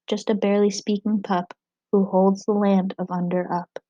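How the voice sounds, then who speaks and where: A woman reading aloud, voicing a calm, learned male royal advisor who explains things in a measured way. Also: medium pitch, no room sound, muffled recording, lightly acted.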